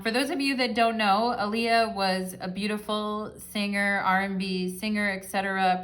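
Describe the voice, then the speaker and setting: A woman's voice: fairly low pitch, a bit bright. A woman giving a casual pick-a-card tarot reading, talking straight to her viewers in a chatty, affectionate way with a lot of fillers. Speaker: tarot reader.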